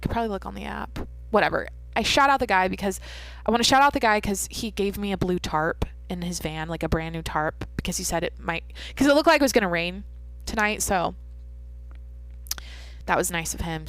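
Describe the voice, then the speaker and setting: This casual solo podcast monologue comes from a young woman host at home at night, rambling through a lengthy story laced with swearing and self-interruptions. She talks a little fast, her voice on the low side yet a bit bright, captured in a dry recording.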